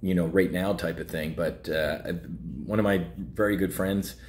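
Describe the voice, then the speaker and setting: Blunt low-voiced man. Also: steady tone, moderate pace, a little mellow. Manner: blunt, heated, rambling with fillers. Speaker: trading show host. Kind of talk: casual market commentary.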